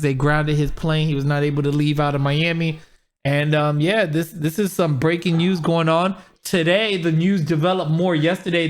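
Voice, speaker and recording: A man hosting a casual podcast chat, talking animatedly and acting out what other people said. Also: fairly high pitch. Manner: animated, quotes people in raised voice. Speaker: podcast host.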